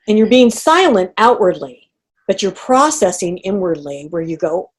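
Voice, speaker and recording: A middle-aged woman leading an online group coaching call, talking in an animated way and acting out inner reactions. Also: medium pitch, normal speed, slightly rough. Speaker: coach running a group session. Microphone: video call.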